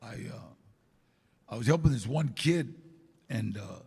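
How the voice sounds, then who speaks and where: An older man telling stories in an interview, animated and acting out the voices of people he quotes. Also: mid-range voice, a little slow, gravelly, slightly rough, in a large hall. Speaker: interview guest. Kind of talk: casual storytelling.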